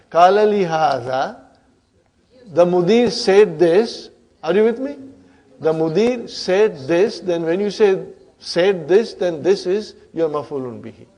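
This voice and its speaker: A man with a fairly high voice teaches Arabic grammar to a class at an unhurried pace. He works through each term step by step and repeats his points. He often stops to ask "huh?" or "are you with me, brothers and sisters?". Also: darkish tone. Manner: checks understanding with frequent "huh?" and "brothers and sisters". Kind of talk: classroom lecture.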